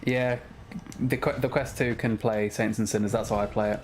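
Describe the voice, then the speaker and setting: A man's voice: on the low side, little pitch movement, moderate pace. Chatty sweary male streamer. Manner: swears a lot, chatty and frustrated at games. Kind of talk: casual gaming stream chat.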